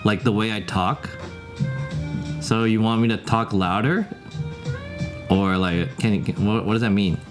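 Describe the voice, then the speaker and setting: A man's voice: on the low side, measured pace, long pauses. A man live streaming from home, chatting casually, rambling and swearing as he answers his viewers. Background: music playing.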